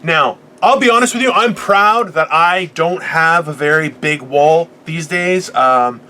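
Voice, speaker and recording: Brief: man in his 40s, bright high voice, profane rant with loud bursts, faint room hiss. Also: a little slow. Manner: animated, profane storyteller who bursts into loud, high outbursts. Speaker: podcast co-host. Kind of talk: casual motivational rant.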